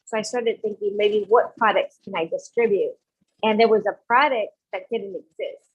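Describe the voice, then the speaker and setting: A woman's voice: medium pitch, moderate pace, breathy edge. A woman, a guest on an interview podcast, telling her story and acting out the lines of the people in it. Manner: animated, acts out quoted dialogue. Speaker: guest entrepreneur. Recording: dull lo-fi audio.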